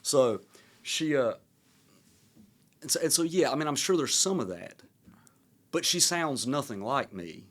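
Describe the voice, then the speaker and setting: A man in his thirties from the American South with a Southern accent, hosting a podcast and musing in a relaxed, rambling way. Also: medium pitch, unhurried, long pauses. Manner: reflective, rambling, many fillers. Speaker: podcast host. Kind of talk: casual conversation.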